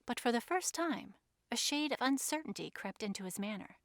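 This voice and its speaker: Woman narrator, measured novel reading, higher voice with a creaky edge. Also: lively intonation, no echo, studio quality. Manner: measured storytelling. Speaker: reader.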